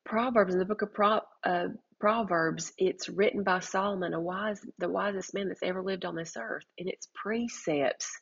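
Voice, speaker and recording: A middle-aged woman shares a heartfelt testimony on her faith-based parenting podcast, earnest and full of restarts. Her voice is husky with a gravelly edge. The recording sounds dull and lo-fi. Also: on the low side, moderate pace, few pauses. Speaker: podcast host.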